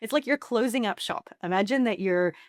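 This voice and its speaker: A woman's voice: medium pitch, a little fast, no echo, studio quality. A middle-aged woman therapist giving a playful educational talk to camera, slipping into sassy voices for the replies she suggests. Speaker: anxiety therapist.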